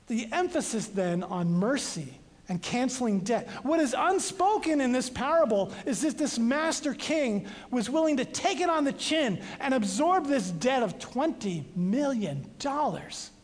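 A preacher delivers a sermon in a large hall, and the voice carries a long, ringing reverb. The delivery is highly animated, with the pitch leaping up and down and sudden jumps from loud, dramatic readings to soft, casual asides aimed at the congregation. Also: measured pace.

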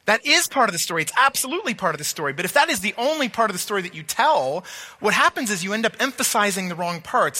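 A man's voice: high-pitched, very animated, quick pace, sharp tone, long reverb tail. A man preaching a sermon, teaching emphatically and asking rhetorical questions.

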